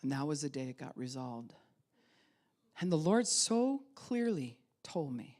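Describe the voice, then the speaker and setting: A low-pitched middle-aged woman preaching in a church hall. She tells her story dynamically, pushing some phrases out loud and dropping others to a hush. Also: big pitch swings, a little slow. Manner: dynamic storytelling, swinging from loud emphasis to hushed whispers. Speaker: pastor. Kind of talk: sermon.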